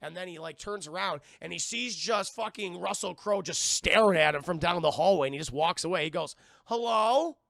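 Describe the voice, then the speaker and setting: A man's voice: high-pitched, a little fast, creaky, hardly any pauses, a bit bright, dry recording, clean studio sound. A man casually recapping a film scene by scene on a live stream, rambling and swearing, often calling out to his chat. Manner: rambling, profane, keeps addressing chat. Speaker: streamer reviewing films.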